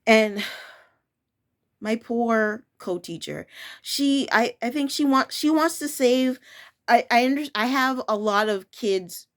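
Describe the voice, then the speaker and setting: A woman's voice: fairly high pitch, slow pace. Firm, frank woman telling a story. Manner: frank, firm, restarts and self-corrections. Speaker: preschool teacher. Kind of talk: casual personal storytelling.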